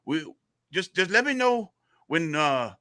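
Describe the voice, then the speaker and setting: A man voicing an easygoing Cajun man on horseback, with a Louisiana Cajun accent and a high, drawling delivery. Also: very animated, measured pace, sharp tone, dry recording, studio quality, heavily acted. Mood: unbothered.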